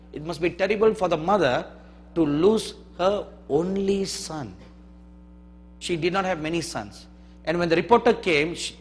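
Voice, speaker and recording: A man preaching a sermon, moving between hushed storytelling and loud emphatic declarations, recorded in a large church hall. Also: on the high side, slight background noise. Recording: long hall reverb.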